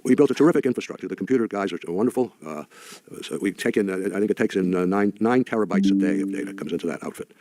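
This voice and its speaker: Halting, low-voiced older man telling stories. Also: animated, dark tone, no echo. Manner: halting, wry storytelling with many restarts. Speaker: speaker addressing an audience. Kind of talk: anecdotal talk.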